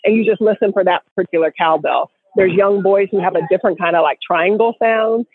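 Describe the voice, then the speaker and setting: A woman on a casual group call telling stories in an animated, joking way. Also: mid-range voice, fairly quick, slightly rough, dry recording. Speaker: guest co-host. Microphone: phone. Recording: tinny phone line.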